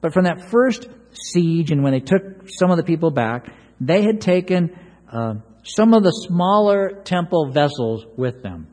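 Man, pastor, sermon, slightly high voice, earnest, repeats words, long hall reverb. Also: lively intonation, a little slow, darkish tone. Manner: earnest, repeats words, acts out quoted pleas.

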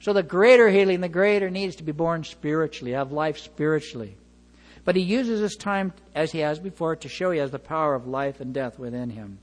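A male pastor preaching a sermon, retelling scenes with lively acted-out dialogue and chuckles. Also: on the high side, fairly quick, big-room sound. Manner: animated storytelling, acts out dialogue, chuckles.

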